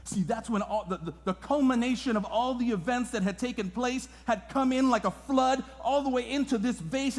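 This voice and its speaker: A man preaches with passion in a fairly high voice, dropping to near-whispers and then rising loud. His words ring out with the long reverb of a church sanctuary. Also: fairly quick, few pauses. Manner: impassioned preaching, swinging from hushed to loud. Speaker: guest pastor. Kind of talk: sermon.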